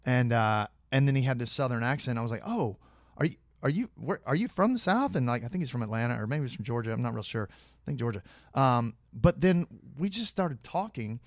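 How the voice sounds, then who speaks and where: A man, a guest actor on a podcast, telling animated behind-the-scenes anecdotes in casual conversation, full of fillers and restarts. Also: medium pitch, a little fast, dry recording, clean studio sound.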